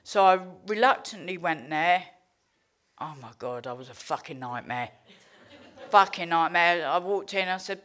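A woman's voice: lowish voice, expressive, normal speed, bright, forceful tone. An English woman giving a candid, heartfelt recovery testimony, swearing freely and telling her story with animation. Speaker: recovery speaker.

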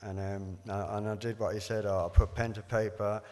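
A man's voice: on the low side, little pitch movement, a little fast, darkish tone, big-room sound. A man candidly recounting his recovery, rambling and repeating words as he quotes conversations. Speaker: recovery speaker sharing his story. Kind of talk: candid personal testimony.

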